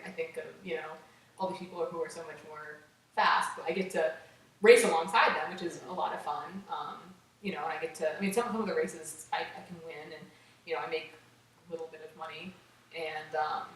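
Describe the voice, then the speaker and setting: A woman telling her story as an interview guest, chatty and animated, with many "like"s. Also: deep voice. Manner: animated, acts out quotes, many "like"s. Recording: echoey room, distant mic, faint noise.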